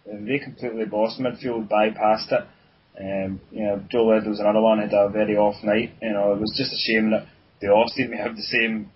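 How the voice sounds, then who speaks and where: A Scottish man talks football on a casual podcast, rambling and filling his sentences with ums and ayes. His voice is low and flat, with little rise and fall. The recording sounds dull and lo-fi. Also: slightly rough. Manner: rambling, many fillers, says aye often. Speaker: podcast co-host.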